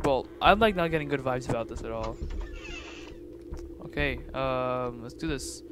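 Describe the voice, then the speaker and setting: A young man commentating a game, jittery, swinging from hushed mutters to loud yelps. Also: mid-range voice, moderate pace. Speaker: gaming YouTuber. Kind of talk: let's-play commentary. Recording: loud noise behind voice.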